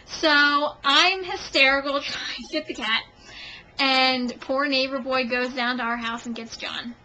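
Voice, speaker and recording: High-voiced young woman telling a story. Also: normal speed, slight background noise, low-quality recording. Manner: animated and self-mocking, acting out the scenes. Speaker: vlogger. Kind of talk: casual storytelling to camera. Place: home.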